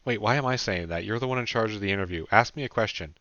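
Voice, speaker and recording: A man's voice: on the low side, fast talker, sharp tone, no echo. A man voicing a candid young man who rambles casually and swears freely, in an audiobook. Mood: flustered. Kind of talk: audiobook character voice. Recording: dull dry lo-fi recording.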